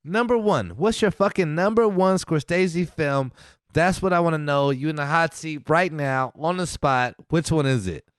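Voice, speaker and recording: A man co-hosting a casual podcast, talking in a lively way, swearing and laughing often. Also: on the high side, moderate pace, clear, resonant tone, no room sound, clean studio sound. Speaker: podcast co-host.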